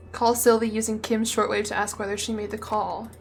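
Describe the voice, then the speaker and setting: A woman's voice: medium pitch, creaky. A young woman streamer giving chatty, playful gameplay commentary at a desk mic. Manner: chatty, playful, impulsive, often laughing.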